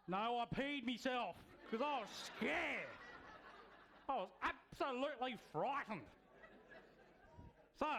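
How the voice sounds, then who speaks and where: A man telling an animated story to children at church, often stopping to ask the kids questions. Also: very high-pitched. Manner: lively, asks the kids questions.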